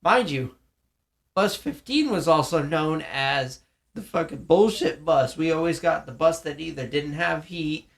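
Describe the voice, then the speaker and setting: A young man co-hosting a casual podcast chat tells rambling, profane school stories, acting out what people said. His voice is gravelly, a little high, and unhurried.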